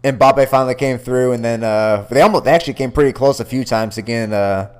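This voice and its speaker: A young man co-hosts a sports podcast from a computer call, joking freely and swearing as he talks. His voice is smooth and clear, with a medium pitch. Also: brisk, darkish tone. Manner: loose, swearing, joking banter. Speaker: podcast co-host. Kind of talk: casual sports chat.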